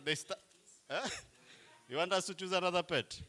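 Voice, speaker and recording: A man's voice: high voice, normal speed, sharp tone. A man, playfully coaxing a crowd as he leads a group icebreaker game at a live event. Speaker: workshop facilitator.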